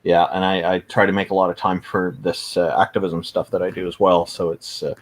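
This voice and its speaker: A man who is a podcast guest, talking casually in a soft, hesitant way with frequent pauses and fillers. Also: sits low, little pitch movement. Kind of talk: casual chat.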